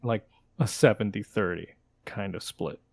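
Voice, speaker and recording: Gravelly low-voiced man on a dry mic. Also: a little slow, dry recording. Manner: thoughtful, searching for words, self-correcting. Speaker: podcast co-host. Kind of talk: casual football podcast chat.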